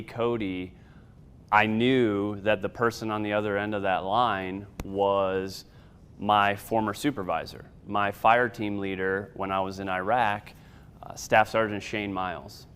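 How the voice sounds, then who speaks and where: A man in his thirties, an Air Force sergeant, giving a personal testimony in a measured storytelling way with occasional fillers. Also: fairly low pitch, flat delivery, a bit bright, clean tone.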